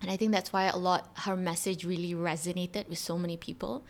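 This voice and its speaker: A woman's voice: lowish voice, fairly even intonation, brisk. A woman co-hosting a podcast, chatting casually and animatedly retelling a story with lots of fillers. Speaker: podcast co-host. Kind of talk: casual conversational explanation.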